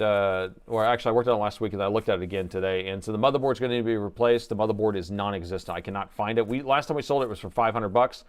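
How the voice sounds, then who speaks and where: A man chatting casually on a live repair stream, rambling, laughing and reading viewer comments aloud. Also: mid-range voice.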